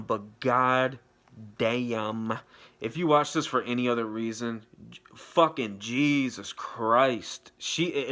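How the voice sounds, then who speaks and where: A man's voice: mid-range voice, bright, forceful tone. A young man giving a casual, rambling movie review, swearing freely and trailing off into fillers. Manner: rambling, profane, loose and unscripted.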